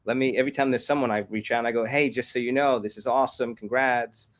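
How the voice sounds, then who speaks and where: A man, a guest on an interview podcast, telling lively anecdotes and acting out the quotes. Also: mid-range voice. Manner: fast, animated anecdotes with acted-out quotes. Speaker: guest, comics company executive. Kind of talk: casual interview storytelling.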